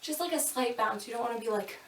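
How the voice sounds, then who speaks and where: A woman's voice: fairly high pitch, fast, a little hiss or hum. A woman fitness instructor giving upbeat, chatty coaching cues during a home kickboxing workout, a bit out of breath. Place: home room. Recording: echoey room from a distance.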